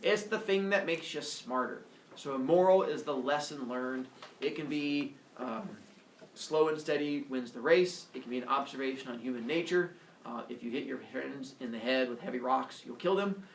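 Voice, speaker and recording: Gravelly jokey teacher, echoey classroom. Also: male voice, medium pitch, moderate pace, slight background noise. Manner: jokey, animated, lots of uh fillers and voices. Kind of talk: classroom lecture. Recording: echoey classroom, camera far off.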